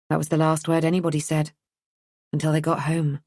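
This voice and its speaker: A woman narrating an audiobook thriller in a measured, even storytelling manner. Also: low-pitched, no echo, studio quality. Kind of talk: scripted narration.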